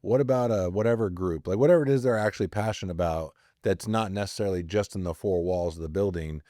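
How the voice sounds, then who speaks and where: A middle-aged man hosting a podcast, telling rambling stories and often tacking on quick tag questions. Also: low voice, dark tone, dry recording, clean studio sound. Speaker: podcast host. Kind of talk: casual storytelling talk.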